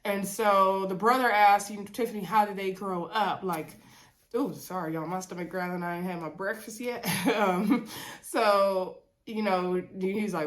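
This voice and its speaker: Her medium-pitched voice unhurried and stuffed up from a cold, a vlogger chats casually through a reality TV recap. She keeps it laid-back and Southern-leaning, leaning on fillers and saying "y'all" a lot.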